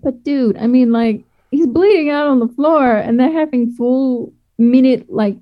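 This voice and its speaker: Casual woman podcaster, animated and swearing, slightly dull sound. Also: sits high, measured pace. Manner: animated, swears and laughs often. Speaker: podcast co-host. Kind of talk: casual chat.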